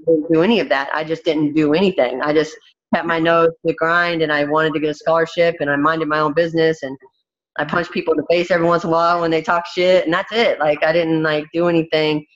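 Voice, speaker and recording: A woman's voice: deep voice, flat delivery, fast. A woman in her thirties, a fighter as interview guest, talking candidly in a blunt, emphatic way with many restarts. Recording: dull, muffled recording.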